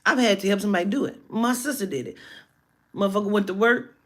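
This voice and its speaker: A woman telling a personal story in a casual monologue, animated and emphatic, with heavy profanity. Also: medium pitch, fast talker.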